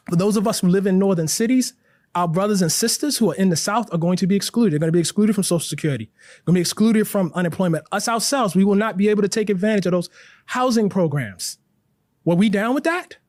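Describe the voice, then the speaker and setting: High-voiced man, earnest and animated. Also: no room sound, clean studio sound. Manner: earnest, grows animated, many "like" and "you know" fillers. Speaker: interview guest, writer. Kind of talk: impassioned interview talk.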